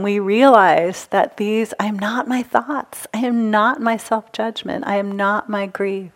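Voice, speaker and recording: A woman giving a gentle, engaging dharma talk to a live retreat audience as a meditation teacher. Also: mid-range voice. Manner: gentle, engaging, asks the audience to raise hands.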